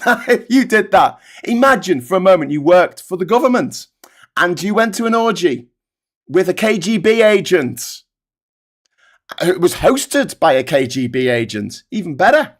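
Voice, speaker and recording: A man's voice: on the high side, expressive, measured pace. A man hosting a political livestream, ranting angrily and sarcastically with plenty of swearing.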